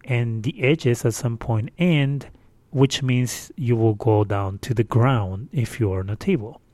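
A man's voice: mid-range voice, unhurried, darkish tone, dry recording. A man hosting his own casual solo podcast, chatty and exasperated, rambling with fillers, recorded on a distorted home microphone. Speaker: podcast host. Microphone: windscreened microphone.

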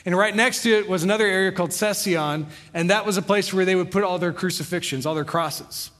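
A young man preaching a sermon, reading scripture aloud and retelling it in a relaxed, conversational way. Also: sits high, a little fast, long reverb tail. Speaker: pastor.

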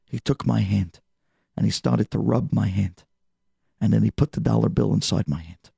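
A man voicing a frail, devout elderly immigrant, telling his story with deep emotion. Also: moderate pace, vocal fry, warm tone, husky, dry recording, clean studio sound, heavily acted. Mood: tender.

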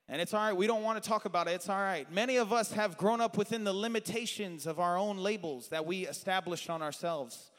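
A man preaching a sermon, animated and shifting between loud shouted praise and soft asides to the congregation. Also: sits high. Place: church sanctuary. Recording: long hall reverb.

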